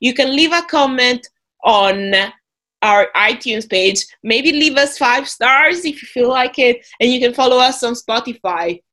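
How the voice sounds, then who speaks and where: A woman's voice: on the high side, expressive, unhurried, a bit bright. A woman co-hosting a podcast, chatting casually and often restarting words mid-thought. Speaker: podcast co-host.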